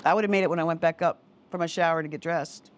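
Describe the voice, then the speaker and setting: A woman's voice: sits low, fairly even intonation, fast. A woman co-hosting a podcast in a home basement, teasing and bantering playfully in casual chat. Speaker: podcast co-host.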